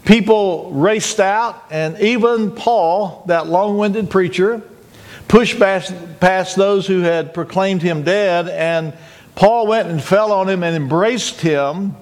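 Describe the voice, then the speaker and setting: A man's voice: high voice, slow. A male pastor preaching a communion sermon, retelling scenes dramatically and acting out joyful cries. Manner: dramatic, acts out shouted cries.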